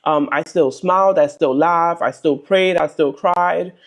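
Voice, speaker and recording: A woman's voice: fairly low pitch, measured pace. Young woman, testimony vlogger; earnest and chatty, rambles with ums and likes. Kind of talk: casual faith testimony.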